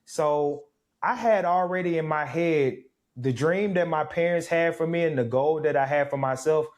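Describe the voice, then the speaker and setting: Man in his 30s, somewhat high voice, reflective storyteller, interview guest. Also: moderate pace. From Mississippi, USA. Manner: reflective, animated storytelling with laughs. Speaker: guest, former pro football player.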